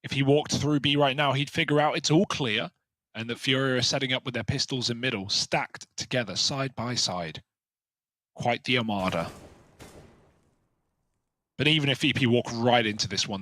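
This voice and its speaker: A man's voice: medium pitch, a bit bright, dry recording. A man commentating a live esports match, with a playful, joking manner.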